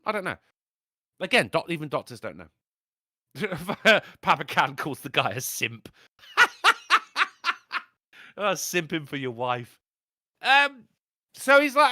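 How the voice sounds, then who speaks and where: Male podcast host, rambling jokey storyteller, bright voice with a lot of swing, pitched a bit high, dry close sound. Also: expressive, moderate pace, no room sound. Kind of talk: casual crude chat.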